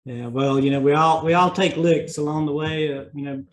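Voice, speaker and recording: A man with a North Carolina Southern accent hosts a business podcast. His voice sits a little high, and he rambles comfortably, filling pauses with "uh" and "you know". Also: fairly even intonation, poor audio. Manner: folksy, meandering, with many fillers. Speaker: podcast host. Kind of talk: casual interview chat.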